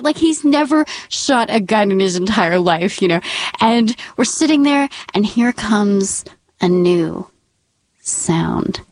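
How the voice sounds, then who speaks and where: A woman telling a personal story to an audience, dramatic and dropping into hushed whispers for suspense. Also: medium pitch, expressive, slow, no echo.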